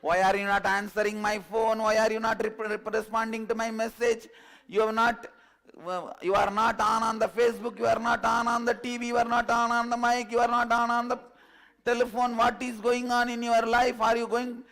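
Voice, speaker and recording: A man's voice: level tone, a bit bright. A man voicing a nagging young girlfriend who fires off angry questions on the phone. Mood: scolding. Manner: shrill rapid-fire scolding questions.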